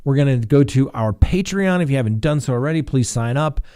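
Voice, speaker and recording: A middle-aged man talking casually on a live stream, a defense attorney swapping war stories. He tells them with animation, jumping into the voices of judges and prosecutors, and his voice sits at an ordinary middle pitch. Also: a little fast, clean tone. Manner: animated storyteller acting out courtroom voices.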